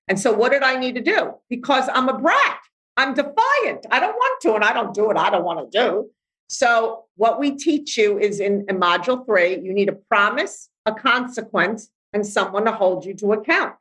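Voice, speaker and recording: A woman's voice: fairly high pitch, lively intonation, moderate pace, a bit bright, poor audio. A middle-aged woman life coach, speaking bluntly and animatedly in a podcast interview, acting out voices as she talks.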